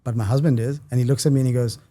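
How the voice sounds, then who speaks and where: A man's voice: medium pitch, fairly even intonation, racing, warm tone. A middle-aged man, a film producer and director, telling a long story in casual chat and acting out the dialogue of the people in it.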